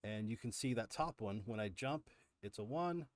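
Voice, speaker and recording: Male streamer, lowish voice, casual explainer with ums and restarts, dry close mic. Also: animated, normal speed, no room sound. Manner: explanatory, frequent fillers and restarts. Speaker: livestream host. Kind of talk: live coding walkthrough.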